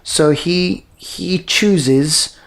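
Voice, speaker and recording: A man's voice: on the high side, drawn-out words, gravelly, a bit bright. A man co-hosting a casual film review, talking enthusiastically and rambling with many fillers and restarts.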